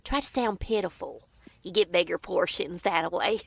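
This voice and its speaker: A woman's voice: lowish voice, moderate pace, gravelly, breathy edge, dry recording. A woman voicing a scheming female cat who sells real estate, salesy and gossipy. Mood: conspiratorial.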